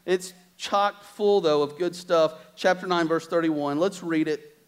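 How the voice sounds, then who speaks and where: Man, high voice, a preacher telling lively stories from the pulpit. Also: unhurried, smooth. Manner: animated storytelling with quoted asides. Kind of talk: sermon with storytelling. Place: church.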